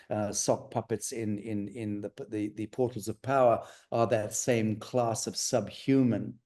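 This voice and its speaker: Mellow-voiced man rambling through an interview. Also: lowish voice. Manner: rambling, many fillers and restarts. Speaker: interview guest. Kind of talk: conversational interview.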